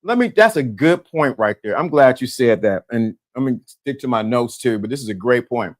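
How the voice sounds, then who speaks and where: A man hosting a live-stream talk show, animated and laughing, repeating himself and talking to the chat. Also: mid-range voice, a little fast. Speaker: host.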